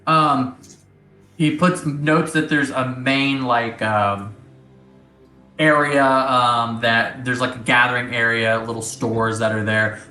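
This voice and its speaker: A man narrating as game master of a tabletop game, talking casually with frequent pauses, in an echoey room with faint music. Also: medium pitch, sharp tone. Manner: casual, hesitant with fillers.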